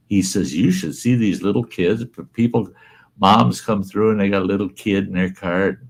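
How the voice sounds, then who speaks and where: Gravelly low-voiced man telling a story. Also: moderate pace. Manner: animated storyteller, laughs through lines, quotes others in a raised voice. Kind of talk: casual storytelling chat.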